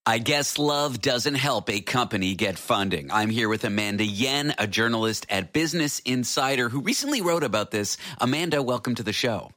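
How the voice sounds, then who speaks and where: A man's voice: mid-range voice, expressive, moderate pace, few pauses, pushed and bright, no echo, studio quality. A man hosting an interview show, asking curious, wry questions. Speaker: podcast host. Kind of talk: conversational interview.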